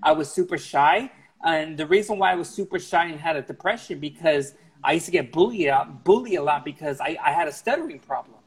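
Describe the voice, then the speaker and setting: A man speaking as a podcast guest in a casual talk, earnest and frank, with a slightly husky voice. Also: a little high, fairly quick, rough recording. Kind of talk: casual conversation.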